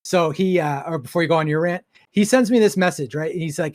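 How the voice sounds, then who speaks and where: High-voiced blunt man on podcast. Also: quick pace, hardly any pauses, no room sound, studio quality. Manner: blunt, animated storyteller who swears and acts out quoted exchanges. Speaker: podcast guest. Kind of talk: casual podcast chat.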